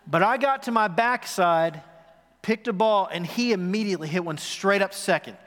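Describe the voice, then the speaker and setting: With a high-pitched, fairly bright voice at a moderate pace, a man in his forties delivers a sermon as pastor. He tells a story and asks his congregation questions in a church sanctuary, the recording carrying a long worship-hall reverb.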